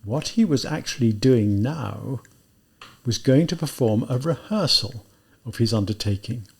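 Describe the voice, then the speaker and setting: Man reading an audiobook, husky voice, slow and careful. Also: medium pitch, expressive. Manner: measured, deliberate reading of a classic novel. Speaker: audiobook reader. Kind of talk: scripted narration.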